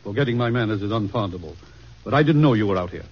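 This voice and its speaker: A man's voice: on the low side, lively intonation, very fast, slightly rough. A man playing a proud, curt statesman in a vintage radio drama. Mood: angry. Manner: curt, forceful. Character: proud, hawkish statesman, stern. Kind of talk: 1940s radio acting. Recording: dull old radio recording.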